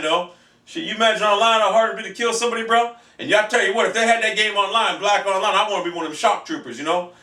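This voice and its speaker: A man ranting in a video blog, profane and rambling, who breaks into shouts, recorded in a back room of his house. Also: sits high, recorded from a distance. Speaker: video game vlogger. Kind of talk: profane game-console rant. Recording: echoey room, voice off-mic.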